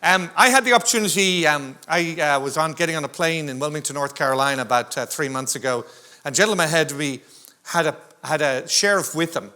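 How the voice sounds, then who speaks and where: Joking male panel moderator, bright voice. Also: a little high, fast. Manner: joking, anecdotal. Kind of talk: conference storytelling. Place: conference hall stage.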